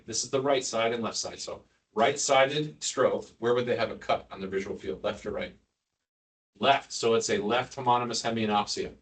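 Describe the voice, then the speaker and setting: Speaking at medium pitch with a fairly bright tone, a man teaches nurses about neurosurgery in a loose, joking manner, firing questions at the room and adding asides. Audience murmur comes through the distant mic in the hospital lecture room.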